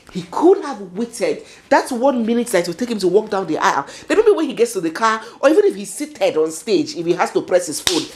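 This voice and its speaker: A Nigerian woman hosts a chatty commentary vlog, her pitch swooping up and down as she dramatizes each point. She talks to herself and laughs between remarks, and her voice sits at an everyday middle pitch. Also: darkish tone.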